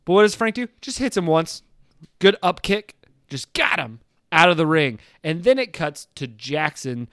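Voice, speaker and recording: A man's voice: on the high side, moderate pace, no echo, studio quality. A man co-hosting a casual podcast, recapping a movie, laughing often and acting out characters' lines. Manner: animated, laughs often, acts out lines in shouted voices. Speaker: podcast co-host.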